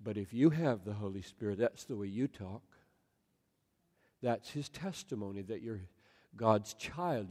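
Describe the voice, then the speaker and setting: A man's voice: lowish voice, husky. Preaching man in a reverberant hall. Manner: swings from loud emphatic declaring to soft near-whispers. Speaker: pastor. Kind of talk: sermon.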